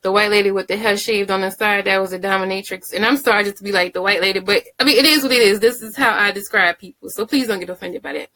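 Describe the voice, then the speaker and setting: A woman casually recapping and reviewing a TV drama episode, chatty and candid, with quick asides. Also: medium pitch, bright, forceful tone.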